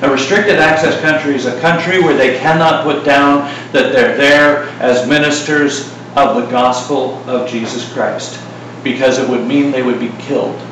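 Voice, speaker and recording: Middle-aged preacher in an echoey hall. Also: male voice, medium pitch, moderate pace, recorded from a distance, background noise. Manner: conversational, joking asides, animated retelling. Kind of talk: sermon.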